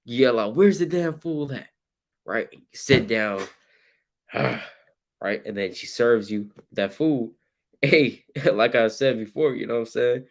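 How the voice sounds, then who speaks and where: A low-voiced man teaching scripture in loose street slang. He acts out little scenes and breaks into sudden shouts. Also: takes it slowly.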